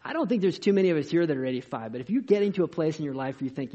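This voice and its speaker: A man preaching a sermon as a pastor, in an energetic, conversational way with rhetorical questions, in a dull lo-fi recording. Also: fairly high pitch, very fast, hardly any pauses.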